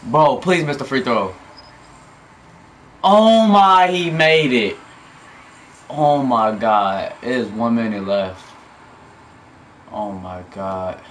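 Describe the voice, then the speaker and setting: Excitable young man yelling over a game. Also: medium pitch, slow pace, long pauses, slight background noise. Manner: excitable, swings from yelling to muttering groans. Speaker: gamer. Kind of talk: live gameplay commentary.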